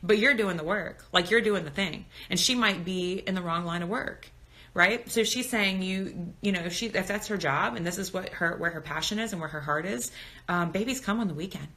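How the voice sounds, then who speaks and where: Thirties woman, candid talkative live-stream host on her phone, lowish pitch with a bright edge. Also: moderate pace. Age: 30s. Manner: candid, talkative, reads comments aloud. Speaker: birth educator on Instagram live. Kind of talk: casual live-stream chat.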